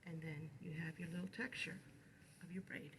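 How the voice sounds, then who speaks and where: This knitting instructor talks at a moderate pace, her lowish voice steady and fairly bright. She explains each stage of making tassels as she demonstrates, saying "you're gonna" again and again, and the rough recording carries slight background noise.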